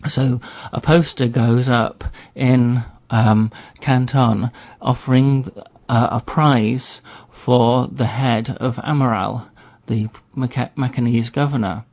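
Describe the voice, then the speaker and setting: A man, a regular history guest on a radio show, telling a story in a relaxed way with wry asides. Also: medium pitch, slow, few pauses, no echo. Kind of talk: storytelling chat.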